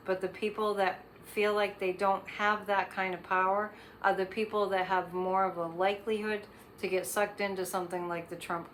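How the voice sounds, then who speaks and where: A woman's voice: on the low side, fairly bright tone, a little hiss or hum. A woman hosting her own show, giving psychic readings in a rambling, casual monologue full of fillers and restarts. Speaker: psychic host.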